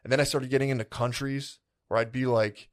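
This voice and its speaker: On a podcast he co-hosts, a man talks a little fast in a mid-range voice with a level tone. His long, loose story comes out in casual chat, peppered with "like" and "dude," as he reenacts his past thoughts.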